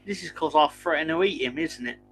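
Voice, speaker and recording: A man's voice: fairly high pitch, fairly quick, fairly bright tone, faint music behind, low-quality recording. A man who is a guest pundit on a casual football chat, rambling and self-mocking as he tells stories.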